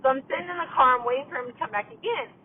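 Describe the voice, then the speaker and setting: A very tired woman from California telling a long, rambling story at night while driving, leaning on "you know" and "like", recorded in a car through tinny phone-like audio. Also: very fast. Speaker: podcast host. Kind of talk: casual storytelling. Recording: tinny phone-like audio with faint road rumble.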